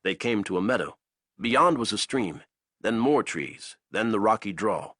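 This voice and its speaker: A male narrator reads an action novel aloud with a husky voice. His pitch moves a lot as he builds each scene. The recording is dry, with no room sound. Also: animated, a little slow, bright, forceful tone, no room sound. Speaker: audiobook narrator. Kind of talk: dramatic audiobook narration.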